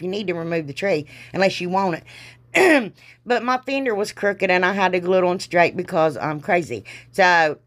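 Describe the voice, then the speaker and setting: A woman's voice: mid-range voice, a bit bright. Chatty woman with a sore throat. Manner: chatty, rambling, self-deprecating. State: sore throat, frequent throat clearing. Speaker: DIY crafter. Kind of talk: casual craft tutorial voice-over.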